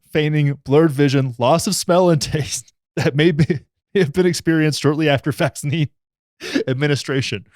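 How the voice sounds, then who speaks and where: A man's voice: on the high side, darkish tone, no echo. Sarcastic young man, mock-outraged, dry sound. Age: young adult. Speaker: vlogger. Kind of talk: satirical commentary, reading aloud.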